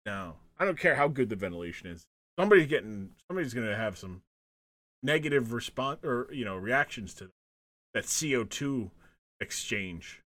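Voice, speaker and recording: A man's voice: medium pitch, moderate pace, dry recording. A man hosting a casual podcast, retelling events with lots of laughter and acted-out quotes. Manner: animated storyteller, laughs often, acts out quotes. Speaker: podcast host. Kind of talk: casual chat recapping wrestling.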